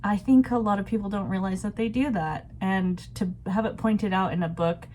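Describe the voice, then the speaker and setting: A woman's voice: medium pitch, steady tone, normal speed, darkish tone, a little hiss or hum. A woman vlogging about a book she is reading, in a chatty, reflective way. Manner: chatty and reflective, laughs often. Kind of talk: casual book discussion.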